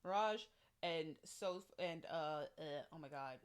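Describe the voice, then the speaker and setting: Animated young woman recapping a show. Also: sits low, measured pace, clean tone. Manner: animated and expressive, slangy, acts out quotes. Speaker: reality show reviewer. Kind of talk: casual recap vlog.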